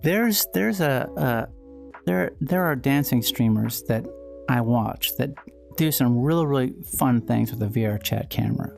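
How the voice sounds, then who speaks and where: A woman's voice: a bass voice, animated, measured pace, gravelly, a little mellow, soft background music. A woman hosting a casual livestream at home while playing VR, rambling and playful with frequent restarts. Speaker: livestream host.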